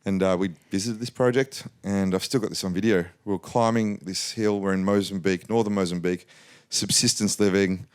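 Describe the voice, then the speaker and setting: Businessman guest in his forties from Australia, low voice, animated anecdotal delivery. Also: brisk, hardly any pauses, clean tone. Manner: animated anecdotal, acts out quotes. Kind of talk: casual storytelling interview.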